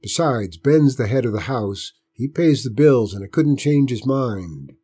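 A man's voice: mid-range voice, big pitch swings, moderate pace, dark tone, breathy edge, pitched above the performer's own voice. A man reading aloud and voicing a stern, practical farm woman in rural dialect. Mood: firm. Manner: firm, clipped country speech. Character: hard-pressed practical farm aunt, a woman.

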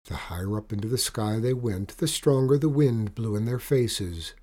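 A man narrating a children's adventure story aloud with expressive, animated delivery. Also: fairly low pitch, moderate pace.

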